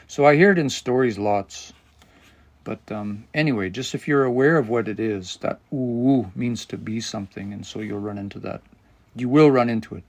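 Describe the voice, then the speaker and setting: Gravelly man teaching a language live. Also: lowish voice. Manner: thinking aloud, explanatory, searching for words. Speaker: language teacher and livestream host. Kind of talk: livestream language lesson.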